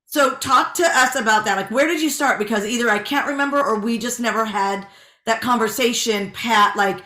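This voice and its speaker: Bright-voiced woman co-host, echoey room. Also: on the high side, moderate pace. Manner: relaxed, chatty, many fillers. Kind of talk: casual interview questions.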